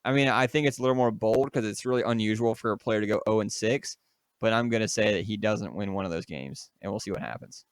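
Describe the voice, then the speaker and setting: A man's voice: lowish voice, fast, clean tone, no echo, clean studio sound. A young man co-hosting a casual sports podcast, loose and jokey, with lots of fillers and restarts. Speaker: podcast co-host.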